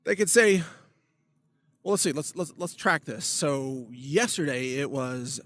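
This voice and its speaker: A man's voice: on the high side, animated, a little slow, a bit bright. A man hosting his own political video blog, delivering a sarcastic, emphatic rant. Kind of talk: ranting political commentary.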